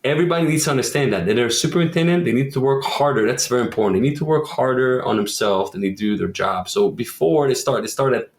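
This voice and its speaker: A man's voice: mid-range voice, quick pace, hardly any pauses, reverberant. A man from Quebec, a roofing company owner, talking in a casual podcast interview and acting out quoted voices as he tells stories. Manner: animated storyteller who acts out quoted voices.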